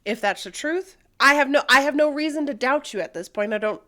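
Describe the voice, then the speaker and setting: A woman's voice: high-pitched, animated, fairly quick, pushed and bright. A young woman co-hosting a podcast, candidly telling a personal story, swearing freely and using many fillers. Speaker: podcast co-host.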